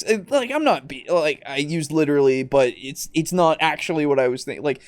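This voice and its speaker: Man, podcast host, exasperated rant, swears a lot, swooping animated pitch, dry close sound. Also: a little fast, no echo. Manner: exasperated, animated, swears often, laughs mid-sentence. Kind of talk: ranting podcast discussion.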